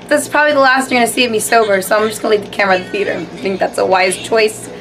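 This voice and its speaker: A woman's voice: medium pitch, fairly even intonation, rapid-fire, over music. A young woman in her twenties, a stage performer chatting casually and self-mockingly in a vlog.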